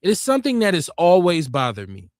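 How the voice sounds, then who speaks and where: A man with a notably high speaking voice hosts a call-in show in casual, outspoken talk. He presses his points emphatically. The sound is close and completely dry, with no room around it. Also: wildly swooping pitch, fairly quick, no echo. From Milwaukee, Wisconsin, USA.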